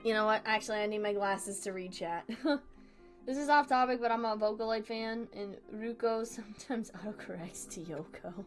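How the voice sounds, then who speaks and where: Over faint background music, a woman livestreams her drawing and chats casually with viewers in a mid-range voice at normal speed. Her manner is giggly, rambling and self-deprecating, and she frequently laughs at herself.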